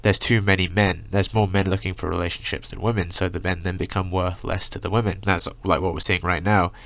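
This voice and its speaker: A man's voice: low voice, flat delivery, fairly quick, vocal fry, a bit bright, no echo. A young man ranting through a casual storytime, rambling with lots of filler words. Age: young adult. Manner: rambling, full of "like" and "you know". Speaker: vlogger.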